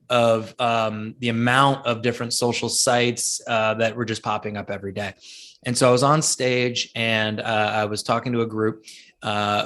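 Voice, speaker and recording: A man, a guest speaker and author, telling stories in an interview, acting out the people he quotes and often restarting his sentences. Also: medium pitch. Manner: animated storyteller, acts out quoted people, many restarts. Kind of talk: storytelling interview answers.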